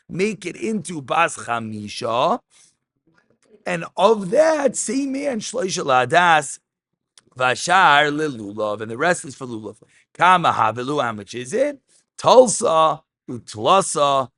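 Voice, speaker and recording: A man teaching a Talmud class, animated, mixing English with Aramaic terms and raising his voice for emphasis. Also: on the high side, no echo, studio quality.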